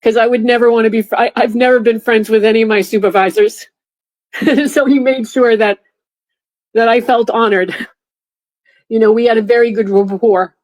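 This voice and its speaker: A middle-aged woman, a former airport security officer, recounting a painful memory in a halting way with many restarts. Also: on the high side, steady tone, darkish tone, rough recording. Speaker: interview guest, former TSA officer. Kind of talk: emotional personal recollection.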